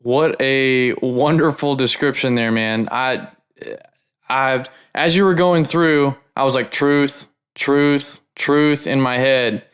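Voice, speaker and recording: A man's voice: mid-range voice, takes it slowly, a bit bright, smooth. A man hosting a podcast, reacting with enthusiasm, often repeating words and saying "man". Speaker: podcast host. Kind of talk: conversational podcast interview.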